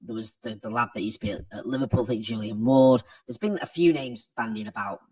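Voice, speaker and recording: Husky man chatting football news. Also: on the low side, fast talker, a little mellow, poor audio. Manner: chatty, opinionated, thinks aloud with restarts. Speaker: football fan channel host. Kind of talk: casual news commentary to camera.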